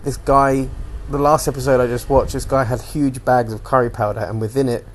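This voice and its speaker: A young man talks through a casual solo podcast at an ordinary middle pitch. He rambles from one topic to the next and swears casually. A faint noise floor sits under the recording. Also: flat delivery, brisk. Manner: rambling, swears freely, jumps between topics. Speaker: podcast host.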